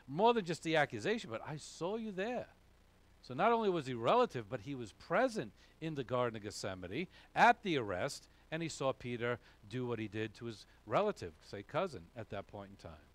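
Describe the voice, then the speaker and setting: Boston-accented pastor, lively pitch. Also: male voice. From New England, USA. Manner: conversational, frequent "okay?" asides. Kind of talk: sermon.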